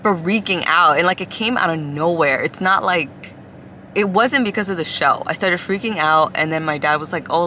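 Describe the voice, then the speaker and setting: Low-voiced young woman rambling in a car. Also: bright, forceful tone, slight background noise. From Ecuador, then the US. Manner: rambling and confiding, many "like" fillers. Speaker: vlogger. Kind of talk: confessional casual chat. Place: inside a car.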